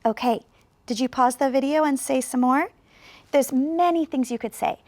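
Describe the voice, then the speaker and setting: Casting: high-voiced female ESL teacher, slow clear encouraging delivery. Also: darkish tone, no echo. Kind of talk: video lesson to learners.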